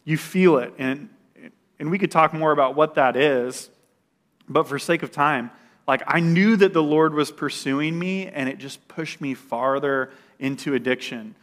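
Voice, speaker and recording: A bit bright and on the high side, this man's voice moves a little slowly as he shares his testimony. He tells it loosely, stumbling into fillers and restarts and sometimes laughing at himself.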